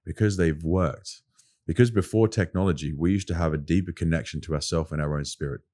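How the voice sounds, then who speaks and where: A man's voice: extremely low pitch, a little fast, warm tone. A man with an Australian accent, talking as a podcast guest in casual conversation, earnest and emphatic, often repeating his points.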